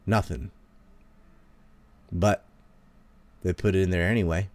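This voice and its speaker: A man rants heatedly to his listeners, swearing freely and mocking with sarcasm. His voice sits fairly low, and the sound is dry and close with no room echo. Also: steady tone, measured pace, darkish tone. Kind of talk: casual ranting monologue.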